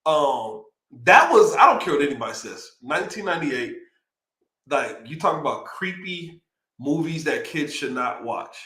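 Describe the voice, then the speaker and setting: A man hosting a casual live stream, rambling and excitable, with a voice pitched a little above the usual for a man. He is recorded in a room with noticeable echo. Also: moderate pace. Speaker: live show host. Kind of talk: casual livestream talk. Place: home streaming setup near Austin, Texas.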